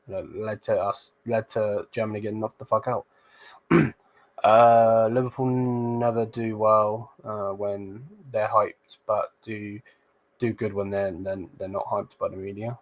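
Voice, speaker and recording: Blunt football host, lowish voice. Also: male voice. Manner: loose and blunt, sprinkled with slang and swearing. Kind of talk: casual live-stream chat reading viewer comments.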